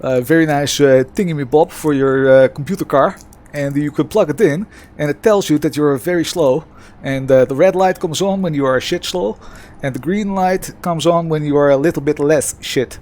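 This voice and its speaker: At a home sim-racing setup, a man adopts a fake Dutch accent to play a sarcastic mock presenter of a gadget, using a smug salesman tone with many hesitations. His slightly high, slightly mellow voice moves at a moderate pace with few pauses and is lightly acted.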